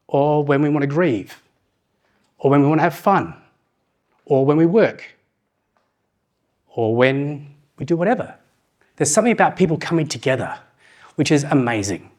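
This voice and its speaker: Lively New man giving a keynote. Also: fairly high pitch. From New Zealand. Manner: lively, asks the audience questions, slows down to read proverbs. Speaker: conference speaker. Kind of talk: keynote talk to an audience.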